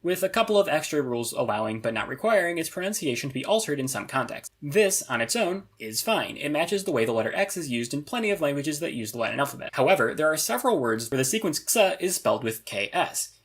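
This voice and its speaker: A man's voice: a little high, big pitch swings, fast talker, hardly any pauses, fairly bright tone, husky. A man narrating a scripted review of a constructed language, analytical with dry, wry asides. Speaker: conlang reviewer.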